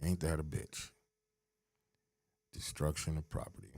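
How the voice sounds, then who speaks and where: A man's voice: extremely low pitch, little pitch movement, unhurried, a little mellow, no echo. A middle-aged man hosting a podcast, swearing as he rambles through a personal story with many restarts. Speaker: podcast host.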